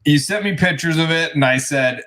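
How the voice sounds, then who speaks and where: A man's voice: fairly high pitch, normal speed, a bit bright. A man co-hosting a casual chat, telling a story in a rambling way with many restarts. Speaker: co-host.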